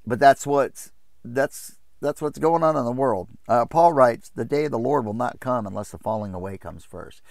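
A man preaching an informal Bible study from his RV, impassioned and quick to mock opposing views in a raised voice. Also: gravelly, no room sound. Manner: impassioned, jumps into mocking high voices to quote others.

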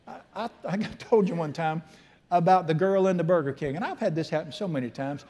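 Preacher in his sixties, slightly high voice, folksy and emphatic storytelling sermon. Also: fairly quick, a little mellow. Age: 60s. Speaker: pastor.

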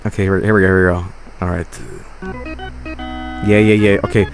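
A man streaming a hockey video game, commenting live, swinging from low grumbling to loud yelling and cursing at the game. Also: level tone, moderate pace, soft background music.

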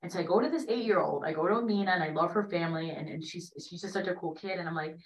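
Woman, late thirties, lowish voice, conversational storyteller, keeps saying "right?", roomy echo, distant mic. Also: racing. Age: late 30s. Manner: conversational, tags sentences with "right?". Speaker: panelist in a dialogue gathering. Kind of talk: personal storytelling in a panel conversation.

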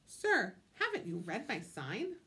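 A woman's voice: mid-range voice, big pitch swings, a little slow, a bit bright. A woman voicing a firm, cautious male mouse dentist who gives orders to his patient. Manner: firm and commanding.

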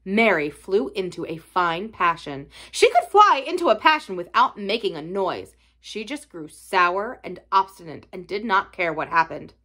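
A woman reading a classic novel aloud in an expressive storytelling style. Her pitch sits in the middle but moves in lively rises and falls. She reads for a library audience. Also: normal speed, few pauses. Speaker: library reader.

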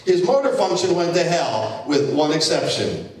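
A man in his fifties giving a keynote speech, an animated storyteller who slips in dry jokes. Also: on the high side, moderate pace. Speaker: keynote speaker. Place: event hall. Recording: echoey hall, voice from far off.

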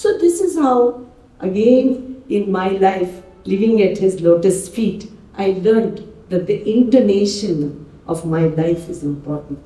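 A woman's voice: mid-range voice, animated, moderate pace, dark tone. An older woman with an Indian English accent giving a personal testimony talk at a devotional gathering, telling stories and acting out dialogue. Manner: storytelling, acting out quoted dialogue. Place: devotional hall. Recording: roomy hall, mic at a distance.

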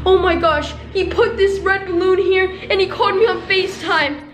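A woman's voice: very high voice, steady tone, moderate pace, faint music behind. A woman hosting a staged scary vlog, talking to her viewers in a panicky, breathless way and calling out to them again and again. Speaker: reaction channel host.

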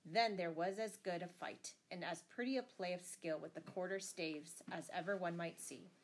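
A woman narrating a classic adventure storybook in an even, measured reading voice. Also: fairly low pitch, a little hiss or hum. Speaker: audiobook reader.

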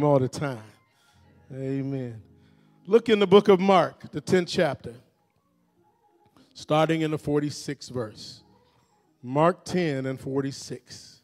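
A male pastor delivers a call-and-response sermon in a church sanctuary. His voice sits high for a man, and he rises from low, quiet phrases into loud shouts that urge the congregation to answer back.

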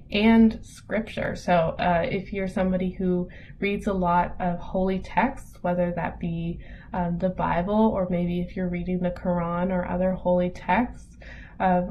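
A woman with a fairly low voice gives a casual online lesson, filling pauses with ums as she reads examples. The recording is dull and lo-fi, with a faint hiss underneath. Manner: relaxed, many ums, reads examples aloud. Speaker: teacher. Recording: dull lo-fi audio with faint noise.

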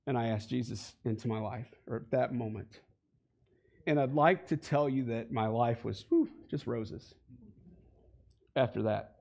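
This testimony comes from a guest speaker in his forties addressing a congregation in the church sanctuary; his talk is conversational but builds to heated emphasis. He speaks at a measured pace in a creaky, mid-range voice that is a little mellow.

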